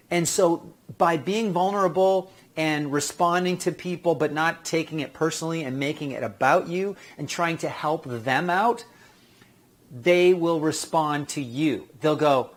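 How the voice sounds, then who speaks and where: A man giving casual career advice to actors, chatty and acting out quick quoted exchanges. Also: a little high. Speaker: acting coach.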